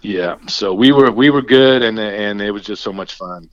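A man's voice: on the low side, moderate pace, fairly bright tone, no room sound. An older man from Indiana, a former basketball coach, telling long stories with many restarts as an interview guest. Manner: rambling, many restarts, acts out quoted talk. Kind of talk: storytelling interview chat. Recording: dry, slightly dull recording.

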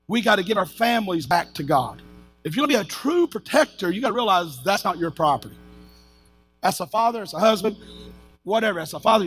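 A middle-aged man preaching as pastor, his voice high and slightly husky. He tells personal stories with animation, acting out the shouted lines he quotes, while faint music plays behind him.

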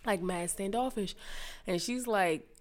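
A woman's voice: medium pitch, unhurried. A young woman co-hosting a casual podcast chat, telling stories with lots of animation and acting out the people she quotes. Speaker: podcast co-host.

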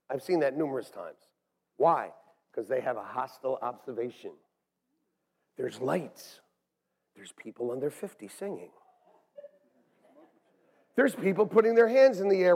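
A man preaching a sermon as pastor in a church, animated and swinging between hushed asides and shouts. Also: sits high. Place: church sanctuary. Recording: long hall reverb.

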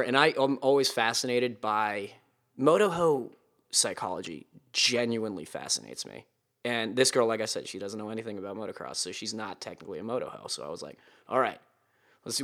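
A man's voice: lowish voice, fairly bright tone. Profane, rambling male podcast host. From Boston. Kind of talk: casual solo podcast chat.

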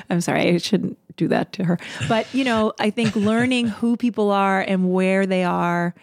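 A woman playwright and performer in a casual interview, animated, with frequent laughs and quick asides. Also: mid-range voice, gravelly, dry recording, clean studio sound.

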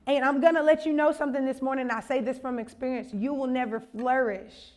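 A young woman with a bright, high voice gives a sermon. She chats loosely and jokes with her listeners, then builds to a passionate, urgent appeal. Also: steady tone, brisk. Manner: conversational, humorous, building to impassioned exhortation. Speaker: conference speaker.

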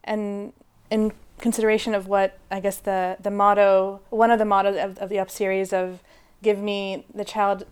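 A woman's voice: medium pitch, flat delivery, moderate pace, a little mellow, smooth. A woman hosting an interview, asking questions in a hesitant way with many fillers and restarts. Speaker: podcast host, interviewer.

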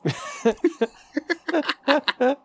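A man's voice: extremely high pitch, lively intonation, drawn-out words, creaky, a little mellow, no room sound. A man co-hosting a podcast in casual, profane, joking chat, acting out quoted lines. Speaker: podcast co-host.

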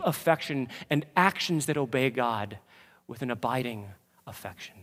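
A man preaching a sermon as pastor, moving from quiet asides to fervent, impassioned peaks. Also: medium pitch, lively intonation, moderate pace, big-room sound. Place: church sanctuary.

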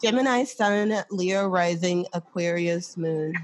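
A podcast host from Georgia, leading the introductions in an upbeat way. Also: female voice, fairly low pitch, slow pace, a little hiss or hum. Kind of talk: casual chat.

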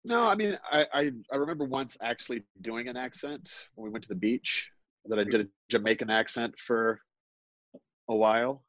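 A middle-aged man telling a personal story live on a podcast, halting and self-deprecating, with many restarts. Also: mid-range voice, fairly bright tone, dry recording, dull audio. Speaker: guest storyteller.

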